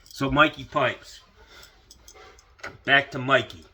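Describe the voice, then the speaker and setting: A man's voice: medium pitch, steady tone, takes it slowly, bright, forceful tone, husky. A man ranting casually into the camera, profane and rambling, with lots of fillers. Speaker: vlogger.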